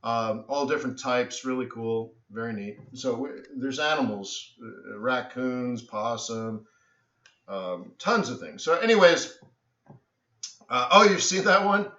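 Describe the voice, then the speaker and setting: A tired man rambles through animated stories while hosting a live trading stream and keeps saying "so anyways". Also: medium pitch, unhurried. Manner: animated storyteller, says "so anyways" often, trails off. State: tired from little sleep. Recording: echoey room, dull lo-fi sound.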